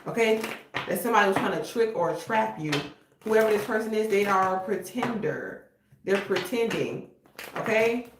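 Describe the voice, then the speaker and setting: A woman tarot reader with a medium-pitched voice gives a casual reading at normal speed, blunt and slangy, often repeating "okay?" The room is echoey and there's noise in the recording.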